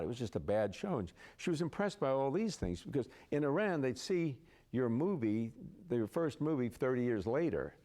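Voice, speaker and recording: A man's voice: lowish voice, mellow. A man, an actor, telling anecdotes as an interview guest in a chatty raconteur manner, laughing through his stories. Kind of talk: anecdotal storytelling.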